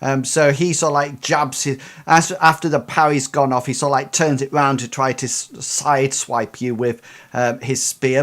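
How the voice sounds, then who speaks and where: A man serves as game master, walking his players through a fight one turn at a time. He talks in a halting way, full of fillers, at an average pitch. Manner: hesitant, many ums while explaining rules. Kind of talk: narrating a tabletop game.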